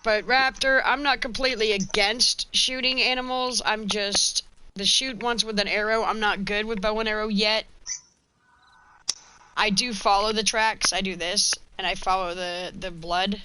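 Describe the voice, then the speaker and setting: A woman's voice: mid-range voice, steady tone, normal speed, pushed and bright, slight background noise, low-quality recording. A woman streaming a Western video game, chatting in a rambling, frank way as she plays. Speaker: gaming streamer. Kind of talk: casual let's-play chat.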